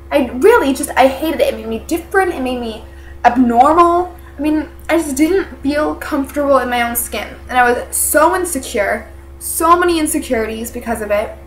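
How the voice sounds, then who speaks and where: A teenage woman vlogger, congested, telling a personal story to camera in a halting, earnest way full of fillers. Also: sits high, a little hiss or hum. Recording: echoey room.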